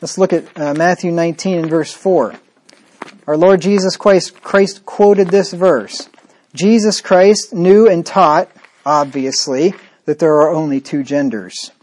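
A man delivers a sermon in a voice that sits a little high. He talks in an emphatic, repetitive way and leans on mocking sarcasm. He drives his points home by saying them again. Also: fairly even intonation, a little slow, a little mellow. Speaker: pastor.

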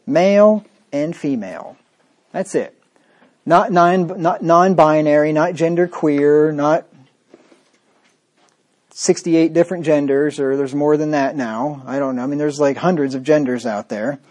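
A man's voice: fairly high pitch, unhurried, darkish tone. A man preaching a sermon, emphatic and repetitive, with a sarcastic, mocking edge. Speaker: pastor.

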